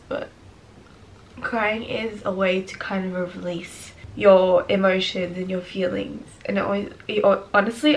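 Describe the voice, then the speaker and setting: A woman's voice: mid-range voice, creaky, fairly bright tone, a little hiss or hum. A young woman vlogging at home in her kitchen, talking candidly and giggling between thoughts. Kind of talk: casual vlog chat. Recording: echoey room.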